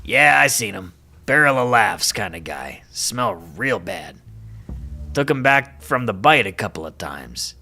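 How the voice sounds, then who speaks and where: A man's voice: lowish voice, very animated, measured pace, pushed and bright, soft background music, voice pushed down, heavily acted. A man voicing a jovial, rambling animal father in a game who laughs at his own stories. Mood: gossipy. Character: chatty male animal father, jovial storyteller.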